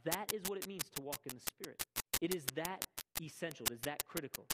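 Emphatic preacher man over loud music. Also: on the high side, animated, fast, poor audio. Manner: emphatic, repeats key words, asks the congregation "right?". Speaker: pastor. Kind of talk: sermon.

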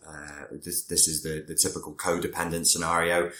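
A man's voice: deep voice, little pitch movement, moderate pace, sharp tone, roomy sound. A man, a therapist talking casually to camera about personality traits, digressive and wry. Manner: conversational, digressive, wry asides. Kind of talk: talking-head explainer.

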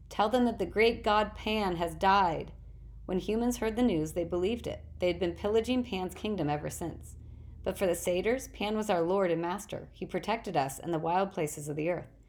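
Earnest young satyr, wistful, low gravelly voice, a woman reading him. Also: a little mellow, lightly acted. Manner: pleading, wistful, indignant at humans. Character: earnest young male satyr, gentle and troubled.

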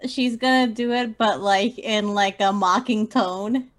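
Woman tabletop player, measured slow delivery, mid pitch, muses over rules. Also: steady tone. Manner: thinks aloud while checking rules. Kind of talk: casual tabletop game chat.

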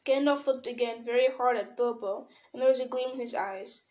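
Reader: woman, fairly high voice, even, unhurried narration of a novel. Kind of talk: reading a novel aloud.

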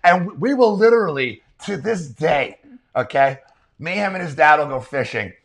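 Comic guy w a gravelly voice, swears, gets worked up telling stories. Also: a little high, normal speed. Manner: profane, excitable storytelling. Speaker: comedian guest. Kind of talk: casual storytelling.

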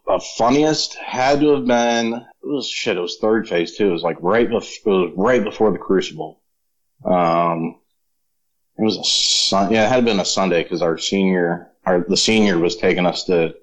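A man and former Marine telling casual, profane stories in relaxed chat. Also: deep voice, highs cut off. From Florida. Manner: profane, laid-back storyteller. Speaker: podcast guest, former Marine.

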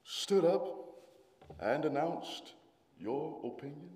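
A man preaching a sermon, rising into shouted, sung-out passages before apologizing and calming down. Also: fairly high pitch, slow pace. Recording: hall reverb.

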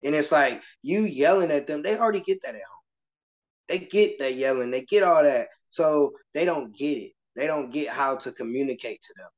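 A man who teaches kindergarten, speaking as a guest in a casual interview and telling stories with lively acted-out voices. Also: on the high side, normal speed. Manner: animated storytelling, slips into voices of kids and adults. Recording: muffled lo-fi podcast audio.

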